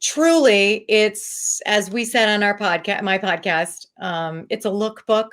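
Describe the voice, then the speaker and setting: A woman guest on a podcast, chatting in an animated, gossipy way and laughing through her points. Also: medium pitch, measured pace. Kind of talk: casual chat.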